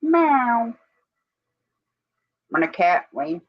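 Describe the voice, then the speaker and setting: A woman's voice: sits low, lively intonation, unhurried, no room sound. A woman co-hosting a live stream in a casual, rambling chat, breaking off now and then to give commands to her dog. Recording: dull lo-fi stream audio.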